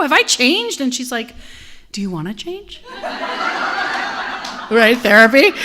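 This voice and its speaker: A middle-aged woman giving a conversational sermon as a guest minister, telling stories with acted-out voices and sometimes dropping to a soft whisper. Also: a little high. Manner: animated storytelling, acts out quoted voices; drops to a soft whisper on key points.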